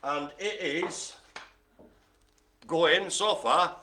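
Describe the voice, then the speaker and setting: A man's voice: a little high, extremely slow, bright, forceful tone, slight background noise. A man hosting a live online bingo game, chatty and jokey, full of puns and asides. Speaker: bingo host.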